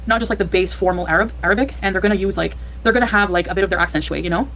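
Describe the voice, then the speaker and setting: Excitable woman thanking livestream donors. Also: medium pitch, racing, a little hiss or hum. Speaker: livestream host. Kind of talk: casual livestream chat reading donations.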